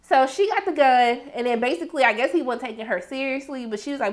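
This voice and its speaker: A woman with a high voice talks through a TV episode recap in a loose, chatty way. She acts out her own reactions and the characters' lines with dramatic flair, and she jumps into side comments and jokes as she goes. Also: quick pace, few pauses. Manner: animated, dramatic quoting and asides. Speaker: TV show reviewer.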